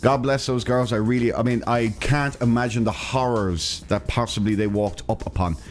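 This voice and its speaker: A man co-hosting a podcast, telling a story in casual comedic chat with exaggerated, animated delivery. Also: medium pitch, normal speed, soft background music. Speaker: podcast co-host.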